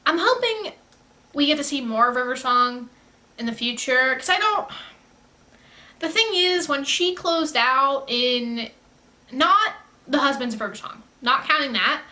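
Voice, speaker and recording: Woman doing a chatty reaction vid, kinda high bright voice, rambly, keeps restarting her sentences. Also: lively intonation, a little slow, long pauses. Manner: rambling, self-correcting, effusive. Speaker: reaction video creator. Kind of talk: casual reaction commentary.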